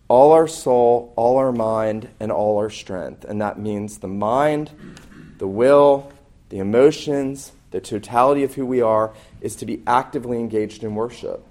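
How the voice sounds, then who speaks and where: A man's voice: mid-range voice, darkish tone. A man preaching as a pastor, earnest and emphatic, often restarting his phrases as he builds a point. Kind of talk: sermon.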